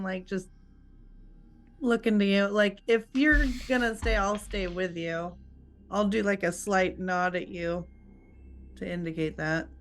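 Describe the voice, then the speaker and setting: A woman playing a tabletop game, speaking in a halting, giggly way with many fillers. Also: mid-range voice. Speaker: player. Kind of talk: casual tabletop play.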